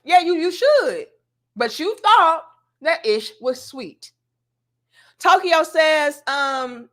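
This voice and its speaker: A blunt, sassy woman rants to her viewers in a high, bright voice. She lectures in slang with plenty of attitude, and her tone stays sharp and forceful throughout. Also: animated, slow pace. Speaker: commentary vlogger. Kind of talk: opinionated commentary rant.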